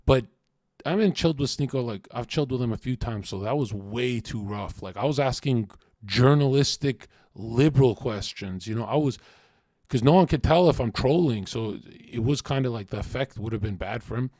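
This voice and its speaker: A man's voice: medium pitch, moderate pace, a little mellow, dry recording, clean studio sound. A man hosting a livestream, talking casually, swearing a lot and taunting his chat. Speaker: livestream host.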